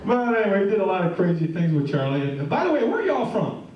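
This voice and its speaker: Over a noisy background and lo-fi sound, a middle-aged man rattles off stand-up jokes and questions for the crowd in a high-pitched, very animated voice. He's a fast talker, heard from a distance in an echoey venue on a live stage.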